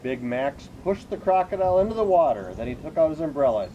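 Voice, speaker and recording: A man reads a children's picture book aloud with expressive, animated storytelling. His pitch swings widely and sits a little high, and his tone is mellow. Faint noise hums behind the voice. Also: fast, lo-fi sound. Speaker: reader.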